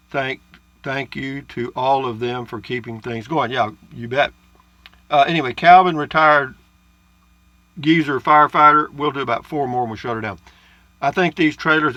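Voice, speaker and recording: Sitting in his travel trailer, this male RV vlogger casually goes through viewer comments with a sharp-toned, mid-range voice. There's no echo on the track. His manner is folksy and meandering, peppered with uh's and side remarks.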